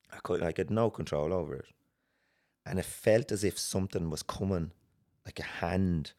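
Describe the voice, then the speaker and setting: An Irish man telling a personal story as a podcast guest, earnest and halting, with many restarts. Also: sits low, a little mellow. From Ireland.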